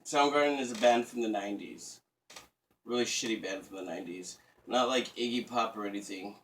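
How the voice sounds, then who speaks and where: A man's voice: on the low side, a little fast, a bit bright, slight background noise. A man in his thirties ranting casually in a crude, profane, rambling and sarcastic way. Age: 30s. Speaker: vlogger. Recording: voice a bit distant from the mic.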